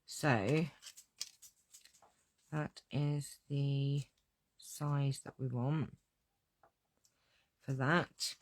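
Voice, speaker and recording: In a hands-on card-making tutorial, a woman talks to herself as she works, chatty and somewhat scattered. She has a very deep voice with fairly even intonation, drawing out her words and leaving long pauses. A little hiss or hum is audible.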